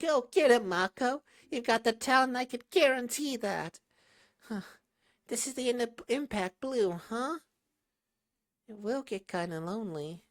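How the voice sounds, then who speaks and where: A man reading manga aloud, voicing a lively young woman racing partner in a high, sing-song, teasing voice. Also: unhurried. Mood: encouraging.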